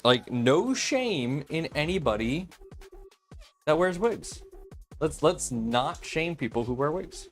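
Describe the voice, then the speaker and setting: A man's voice: fairly high pitch, very animated, slow, faint music behind. A man hosting a livestream, chatting casually and rambling, joking about himself and answering viewers. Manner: rambling, self-deprecating, answers chat. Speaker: livestream host.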